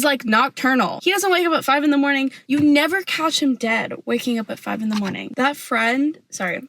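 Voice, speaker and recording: A young woman vlogger giving a sassy, animated opinion rant to camera, full of "like" fillers. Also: fairly high pitch, dry recording.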